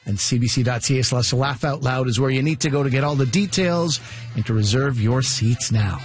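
A man's voice: mid-range voice, fairly quick, faint music behind. A man hosting a radio comedy show, reading an upbeat scripted outro at a close studio microphone. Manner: upbeat, plainly read announcements.

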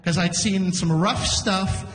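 A man hosting a live comedy show, telling a story on stage in a chatty, animated way, acting out the people in it. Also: high-pitched, slow pace. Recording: echoey hall from a distance.

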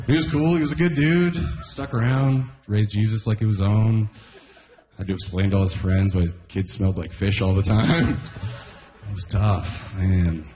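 A young male comedian from Canada works through a stand-up set with a fairly low voice, often laughing at his own lines. The sound is roomy, like a club stage. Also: unhurried, dark tone. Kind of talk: stand-up routine.

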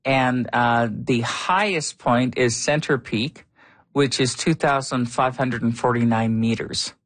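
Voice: mid-range voice, takes it slowly, no room sound. Call-in radio host, chatty, curious, laughs easily, dry studio sound.

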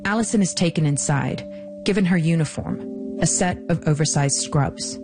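Woman host, low voice, measured scripted narrator, light music bed.

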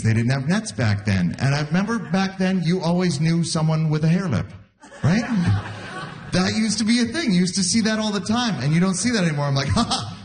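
A man in his forties from Canada doing a stand-up comedy set, telling stories in a laid-back way and laughing at his own jokes. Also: high-pitched. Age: 40s. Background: audience laughter.

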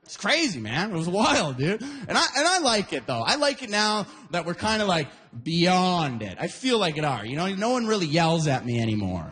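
A young man from Alberta performing a stand-up set, animated and jumping into loud mock voices. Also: high-pitched, normal speed, hardly any pauses, long reverb tail. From Alberta, Canada. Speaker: stand-up comedian. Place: live comedy venue.

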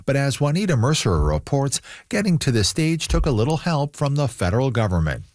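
Man reading the news with lively intonation. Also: medium pitch, a little fast, dry recording, clean studio sound. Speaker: news anchor. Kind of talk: newscast reading.

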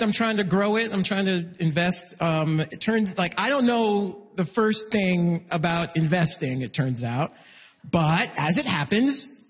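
A man performing a stand-up comedy set on a concert hall stage, animated, with shouted bursts and mock voices. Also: sits high, a little hiss or hum. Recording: live hall recording with long reverb.

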